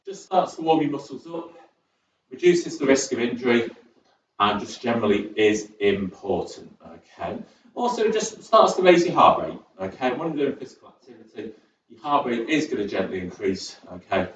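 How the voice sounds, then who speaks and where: A man's voice: medium pitch, big pitch swings, normal speed, fairly bright tone. A young man coaches a seated exercise class in a chatty, encouraging way, drifting into rambling asides. He sounds distant from the mic in an echoey sports hall, and the recording is dull with a faint hiss. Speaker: fitness instructor. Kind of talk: chair exercise class instruction. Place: community sports centre.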